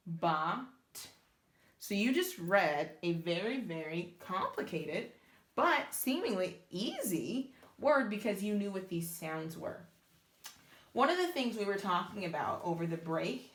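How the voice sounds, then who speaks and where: A woman's voice: mid-range voice, echoey room. A woman teaching beginners to read Hebrew letters, sounding them out step by step and praising the learners. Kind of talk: slow, patient reading lesson.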